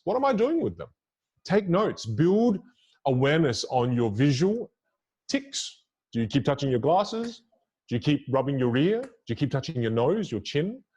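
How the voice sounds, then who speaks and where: A man's voice: mid-range voice, big pitch swings, darkish tone, breathy edge. A man as a podcast guest explaining communication techniques in an emphatic, instructive way. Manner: emphatic, instructive, varies melody and pauses. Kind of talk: podcast interview.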